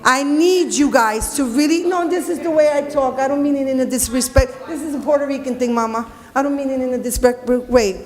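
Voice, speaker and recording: A woman speaking during public comment at a city council meeting, blunt, emotional and profane. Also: sits high. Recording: long reverb of a council hall.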